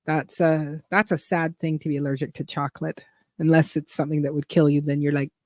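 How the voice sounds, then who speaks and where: A woman's voice: sits low, flat delivery, a little fast, a little mellow, no echo, clean studio sound. A woman hosting a gardening channel livestream, chatting casually and rambling as she reads viewer comments aloud.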